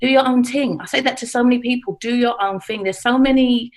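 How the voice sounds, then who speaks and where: A woman's voice: on the high side, fairly quick. A woman in her forties, a radio producer, chatting in an interview and repeating her key points with emphasis. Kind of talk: casual interview chat.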